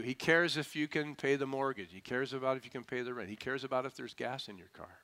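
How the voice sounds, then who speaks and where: A man's voice: medium pitch, lively intonation, quick pace, hardly any pauses, bright, forceful tone. A male pastor preaching a sermon in an emphatic, folksy, humorous way, prompting the congregation to answer. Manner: emphatic, calls for audience responses.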